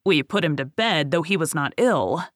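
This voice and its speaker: An audiobook narrator voices a weary older boatman, bitter and grave, telling his tale in a steady, even storytelling manner. The pitch is middling and the pace normal, with a natural voice captured dry and close, without any echo or room sound.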